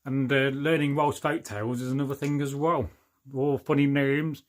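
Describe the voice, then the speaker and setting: A man's voice: mid-range voice, little pitch movement, moderate pace. A middle-aged man from England, casually chatting on a livestream, reading out viewer comments with jokes, rambling asides and frequent laughs. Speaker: livestream host.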